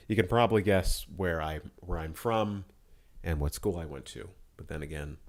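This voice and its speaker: A young man from Florida chatting casually on a podcast, profane and quick to laugh in mock outrage. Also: low voice, a little mellow. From Florida, USA. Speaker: podcast host.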